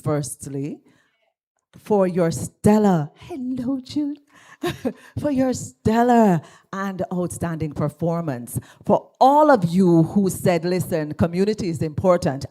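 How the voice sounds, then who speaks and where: A Jamaican woman pastor giving a lively speech at an awards ceremony in a church, drawing the audience into call and response. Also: sits low. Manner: animated, engages the audience, asks for call and response. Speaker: guest speaker, pastor. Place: church hall.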